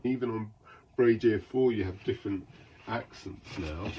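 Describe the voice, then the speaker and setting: A man's voice: fairly low pitch, normal speed, dark tone, highs cut off, slight background noise. A man, an artist and vlogger, talking casually to an AI assistant in a hesitant, stop-start, irritated way.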